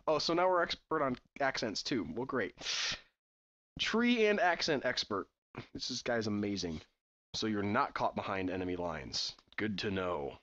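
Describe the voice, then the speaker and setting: A man reads a text adventure aloud in a lively, up-and-down voice, cutting in with dry, quizzical complaints. The sound is muffled and lo-fi, as from a cheap home setup. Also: medium pitch, moderate pace. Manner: sarcastic, quizzical asides. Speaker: let's-play gamer. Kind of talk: reading game text aloud with commentary.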